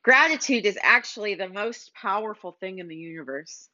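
A woman's voice: mid-range voice, expressive, normal speed, sharp tone. A woman hosting a motivational business podcast, urging listeners in a preachy, repetitive way. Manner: preachy, urging, repeats phrases. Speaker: podcast host. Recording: slightly dull lo-fi recording.

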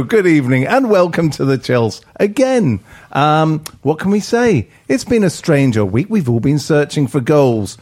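A man's voice: a little high, darkish tone. A man hosting a casual podcast chat, teasing his guests and often restarting his sentences. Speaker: podcast host.

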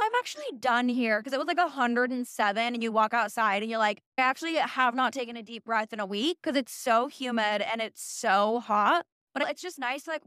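A woman's voice: fairly high pitch, fairly bright tone, smooth, dry recording, studio quality. A young woman from Utah chatting casually to camera, sarcastic and full of "like" asides and swearing. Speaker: vlogger. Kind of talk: casual chat.

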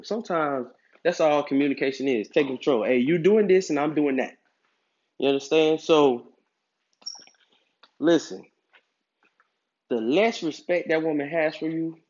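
A man giving dating advice to other men in a casual monologue, emphatic and preachy, with streetwise slang. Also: on the high side. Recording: dull lo-fi recording.

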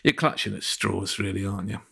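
A man's voice: on the low side, brisk, gravelly, sharp tone, husky. A man hosting a casual podcast chat, reading listener emails aloud with laughs. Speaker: podcast host.

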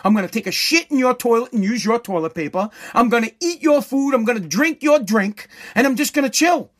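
A man's voice: very high voice, lively intonation, fairly quick. A man ranting in a profane, sarcastic, indignant way. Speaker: ranter. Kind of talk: profane comedic rant.

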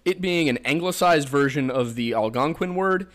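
A man's voice: a little high, animated, normal speed, a bit bright. A young man with a Pennsylvania accent, hosting a podcast and explaining folklore in a rambling, joking way full of fillers. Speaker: podcast host. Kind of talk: casual chat.

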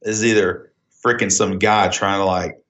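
A man's voice: low voice, moderate pace. A man from Oklahoma with a Southern Oklahoma accent, telling stories in a casual podcast chat and laughing often. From Oklahoma, USA. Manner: animated storyteller, laughs often. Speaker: podcast guest. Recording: dull lo-fi sound.

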